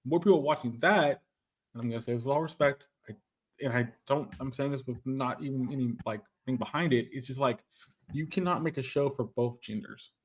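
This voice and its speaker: A man's voice: mid-range voice, brisk, husky. A man co-hosting a casual anime podcast, talking emphatically and repeating himself as he argues his points. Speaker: podcast co-host.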